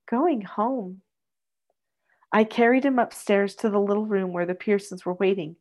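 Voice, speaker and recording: A middle-aged woman hosting a podcast, reading a story aloud in a gentle, soft-spoken way and chatting afterward. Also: mid-range voice, brisk.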